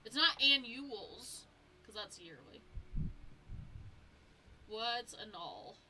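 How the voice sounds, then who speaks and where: A young woman streaming a game, talking casually with her chat and reading item lore aloud, tripping over hard words. Her voice is very bright and a touch high. A faint hiss of noise sits under the recording. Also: expressive, a little slow, rough recording. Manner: chatty, stumbles over words while reading.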